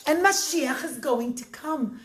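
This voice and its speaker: A woman telling a story to children with expressive, dramatic pacing. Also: sits high, a little slow. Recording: roomy echo, faint noise.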